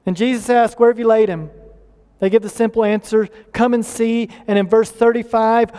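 A pastor preaching a sermon earnestly, rising in emphasis and slowing down to stress key lines. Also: male voice, high-pitched, mellow, clear, resonant tone, big-room sound.

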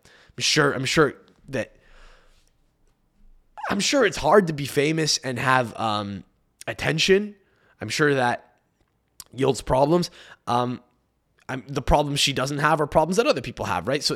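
A man's voice: mid-range voice, fairly bright tone. A young man hosting a podcast, ranting in a frantic, rambling and profane way. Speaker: podcast host. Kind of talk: solo podcast rant.

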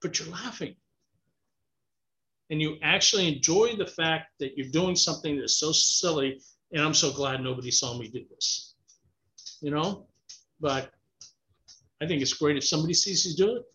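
A man's voice: a little high, moderate pace, long pauses, bright, forceful tone. A man talking casually and encouragingly, often repeating himself and saying "you know". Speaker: interview guest. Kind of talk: casual advice conversation. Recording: dull lo-fi sound.

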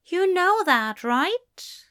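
A woman voicing a gentle male angel who speaks with emphatic, drawn-out affection. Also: very high-pitched, big pitch swings, pitched above the performer's own voice, exaggerated voice. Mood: tender. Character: fond, gentle male angel, scolding tenderly.

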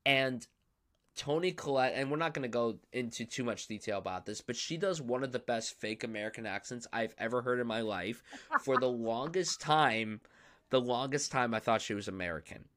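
A man's voice: medium pitch, animated, moderate pace, a bit bright. A young man hosting a podcast, talking through films in an enthusiastic, emphatic, casual way. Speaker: podcast host. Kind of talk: casual film discussion.

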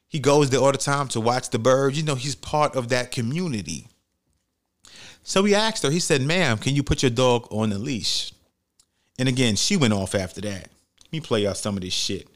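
Blunt profane man from New York. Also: mid-range voice. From New York City. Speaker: podcast host. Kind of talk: casual commentary.

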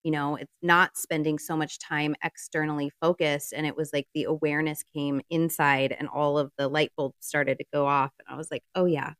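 Low, smooth-voiced woman podcast host. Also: normal speed, hardly any pauses, no room sound, clean studio sound. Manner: relaxed, agreeable, says "like" a lot. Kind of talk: casual podcast conversation.

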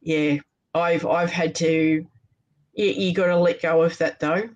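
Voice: medium pitch, fairly even intonation, unhurried, highs cut off. An interview host speaking casually and steadily in conversation.

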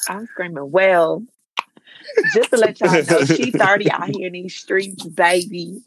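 A woman's voice: on the low side, moderate pace, breathy edge, dry recording. A woman of thirty, co-host of a podcast, in casual chat, sassy and playful, drawing words out for effect.

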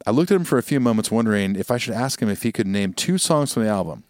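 A man's voice: on the low side, animated, quick pace, darkish tone, dry recording, studio quality. A man co-hosting a podcast in casual chat, telling rambling jokey stories and reading listener emails aloud. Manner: joking, rambling storyteller, reads listener emails. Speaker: podcast co-host.

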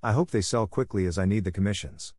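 A man reading as a blunt, booming Welsh painter. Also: fast talker, a little mellow, dry recording, clean studio sound, lightly acted. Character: large gruff middle-aged Welsh painter.

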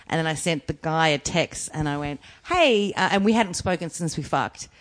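A woman's voice: low-pitched, a little fast. A woman, co-hosting a podcast and telling blunt, profane stories in casual chat. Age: 30s. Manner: blunt, profane storytelling with acted-out quotes. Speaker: podcast co-host.

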